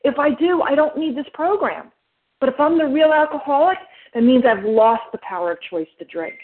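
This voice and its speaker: Higher-voiced woman with a New Jersey accent, emphatic and quick, sharing at a recovery meeting over the phone. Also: animated. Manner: emphatic, fast-talking, explains step by step. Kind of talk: personal share at a recovery meeting. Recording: phone line.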